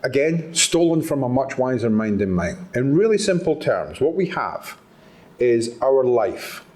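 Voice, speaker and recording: Lively Scottish man speaking to a hall. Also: mid-range voice, measured pace. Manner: lively, engaging, leads audience participation. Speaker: conference speaker. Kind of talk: live talk to an audience. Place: conference hall.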